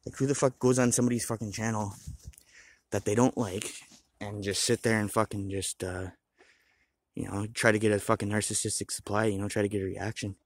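A man's voice: lowish voice, level tone, brisk. A man talking to the camera in a rambling, swearing monologue, restless and blunt. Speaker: vlogger.

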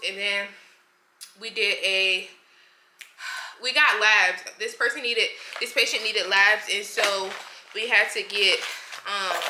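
A young woman talks fast and casually to her viewers into a small camera, calling them y'all and sounding hurried. Her voice sits in a middle pitch. The room echoes, and a steady background noise runs underneath. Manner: chatty, rushed, addresses viewers as y'all. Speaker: vlogger, nursing student. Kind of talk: casual vlog chat. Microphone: compact camera.

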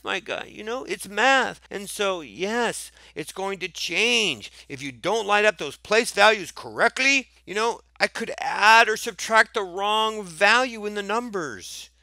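A young male teacher explains a math lesson with a playful, theatrical streak. His voice is bright and jumps all over in pitch, recorded dry and close with no room sound. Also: lively intonation, slow, hardly any pauses, no room sound. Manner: playful, theatrical, talks to students as friends.

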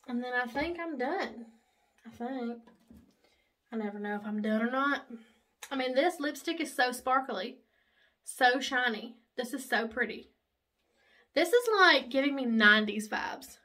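A woman, chatting excitedly while doing her makeup in a casual vlog, gushing and chatty. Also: a little high, measured pace, long pauses. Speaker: makeup vlogger. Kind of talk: casual get-ready-with-me chat.

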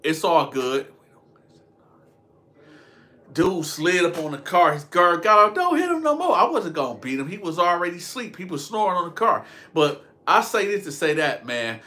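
Young man, storytime vlogger, rambling, slangy, bright forceful voice, a bit high. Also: animated, moderate pace. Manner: rambling, slangy, laughs at his own stories. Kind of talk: casual storytime monologue.

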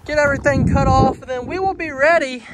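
A man talking warmly to his animals on a rural homestead, then narrating his building work. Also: very high voice, quick pace, very noisy. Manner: affectionate baby talk to animals, then practical narration. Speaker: homesteading vlogger. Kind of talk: casual vlog talk to animals and camera. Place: outdoors on a rural farm.

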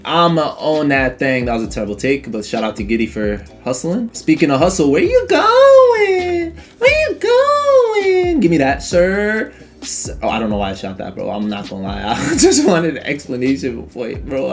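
A man giving casual live commentary on his own game, speaking in slang and talking to his opponent. He drops into low mutters, then jumps into loud, high yelling. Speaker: gaming streamer.

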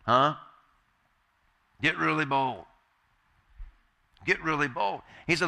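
A man's voice: fairly high pitch, slow, gravelly, long pauses, pushed and bright. A man preaching a sermon as pastor, emphatic and repeating key phrases, asking the congregation call-and-response questions.

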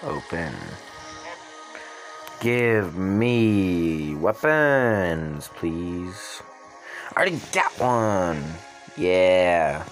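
A young gaming streamer mutters and swears at a mobile game in casual gameplay commentary while game music plays. His low voice has lively intonation and drawn-out words, and the audio is poor.

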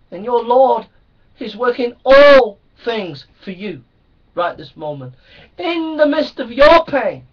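A man preaching a sermon with impassioned repetition, swinging between loud declarations and hushed passages. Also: extremely high pitch. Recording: muffled, distant lo-fi recording.

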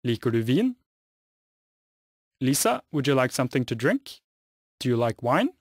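A man's voice: medium pitch, very animated, normal speed, slightly rough, dry recording, clean studio sound. A man with a Norwegian accent teaching a scripted language lesson, saying each phrase carefully and then translating it. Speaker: language teacher, voices Jan.

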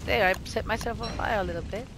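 Speaking quickly at a medium pitch, this gameplay channel host runs a solo let's play, talking to the characters and reacting to mishaps with gasps and laughter. The game's ambience and effects play clearly beneath her voice.

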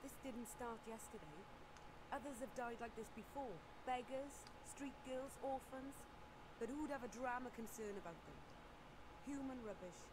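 A woman's voice: on the high side, moderate pace, lightly acted. An actress voicing a weary, streetwise female sex worker in a video game, talking in a worldly, resigned, coarse way. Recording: game audio under gameplay noise.

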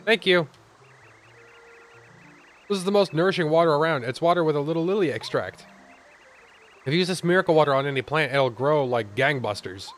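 A soft-spoken, thankful flower woman speaks in a lifted, sweet tone, played by a man reading a game aloud. Her gentle delivery sits over faint game music. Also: a little high, animated, a little fast, pauses often, pitched above the performer's own voice, close to an everyday voice. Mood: grateful. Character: grateful, gentle female lily flower.

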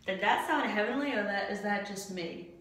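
A woman's voice: mid-range voice, normal speed, a bit bright. A young woman vlogging in casual chat to the camera, joking about herself and laughing often. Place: empty glass-doored breezeway indoors. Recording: very echoey bare room.

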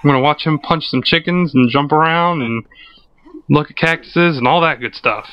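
A man's voice: a little high, normal speed, clean tone. Joking man chatting over game music. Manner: joking, laughs often, reads game text aloud. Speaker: let's play co-host. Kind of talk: casual gaming chat. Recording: dull lo-fi sound with game music.

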